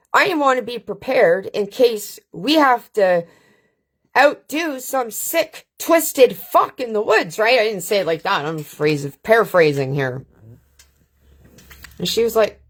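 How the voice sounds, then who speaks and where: A woman's voice: medium pitch, expressive. A middle-aged woman from Canada hosting a live stream, telling stories in a blunt, profane, casual way. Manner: blunt, profane, unhurried with frequent filler questions. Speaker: channel host. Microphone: webcam or phone on a live stream.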